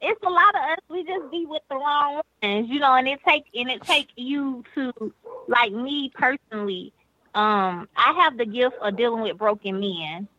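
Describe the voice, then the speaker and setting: A woman's voice: sits high, normal speed, bright, forceful tone. A woman co-hosting a casual podcast chat, outspoken and playful, calling in on a speakerphone. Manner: bold, outspoken and playful, with restarts. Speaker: co-host. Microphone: phone on speaker. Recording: dull speakerphone line.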